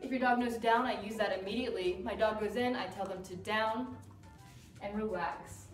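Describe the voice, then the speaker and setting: A woman dog trainer explaining crate training in a calm, firm way while working with a dog. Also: medium pitch, moderate pace. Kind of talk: instructional demonstration. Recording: roomy sound from a distance with music.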